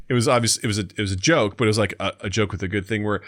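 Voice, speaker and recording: A man co-hosting a casual podcast, telling stories in an animated way and acting out scenes. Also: fairly low pitch, quick pace. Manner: animated storyteller who acts out scenes with voices. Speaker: podcast co-host.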